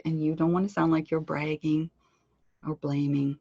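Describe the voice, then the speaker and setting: A woman giving an online pronunciation lesson, speaking clearly and deliberately and slowing down to model words. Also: sits low, little pitch movement, darkish tone, no room sound, dull audio. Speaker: pronunciation instructor. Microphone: computer microphone on a web conference.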